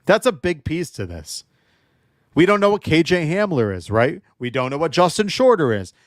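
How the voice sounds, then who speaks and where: A man's voice: a little high, big pitch swings, moderate pace, no echo, clean studio sound. A young adult man hosting a livestream football show, emotionally charged and ranting while joking with his chat. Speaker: sports show host.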